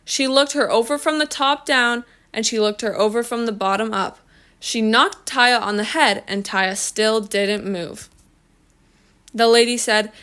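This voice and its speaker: A woman reading a children's story aloud in a slow, expressive storytelling manner. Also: fairly high pitch, clean tone. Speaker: reader.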